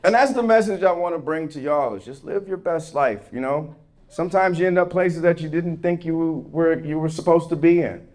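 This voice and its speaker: A man's voice: fairly high pitch, moderate pace, darkish tone. A young man performing a stand-up comedy set in a club, telling a story and acting out both sides of the conversation. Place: comedy club stage before a live audience. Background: audience laughter.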